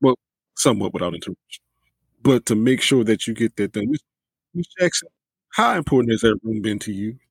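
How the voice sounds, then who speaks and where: A man's voice: lowish voice, sing-song, a little fast, creaky, husky, dry recording, rough recording. A man hosting a podcast interview, reflective, speaking directly to his listeners. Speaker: podcast host.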